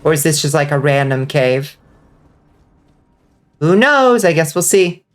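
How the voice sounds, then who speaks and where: A woman streaming a game live, chatting casually and rambling with lots of fillers, now and then breaking into excited outbursts. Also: sits low, measured pace, faint music behind. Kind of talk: casual livestream chat while gaming.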